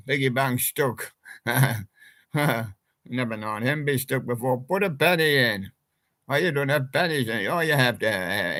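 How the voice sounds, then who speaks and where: A man's voice: medium pitch, expressive, a little slow, bright, forceful tone. A man hosting a homemade radio show, presenting toy characters' song picks with whimsical, chuckling patter. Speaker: home radio show host.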